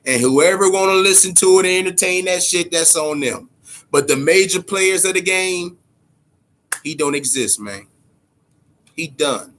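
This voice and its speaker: Male boxing-talk host, raised pitch, hot and profane, repeats himself when fired up. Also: animated, a little slow, long pauses, a bit bright. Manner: heated, profane, repeats words when worked up. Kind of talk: profane casual boxing commentary.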